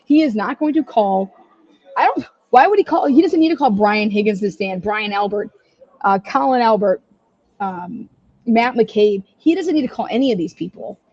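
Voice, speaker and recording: A woman hosts a true-crime livestream, ranting angrily and swearing heavily through her commentary. Her medium-pitched voice is expressive and a little mellow, moving at a moderate pace, and the recording is muffled.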